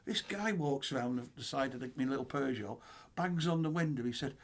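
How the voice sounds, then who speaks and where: A man, a co-host telling animated stories in casual chat and acting out the dialogue. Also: mid-range voice, brisk. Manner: animated anecdote-teller, acts out dialogue.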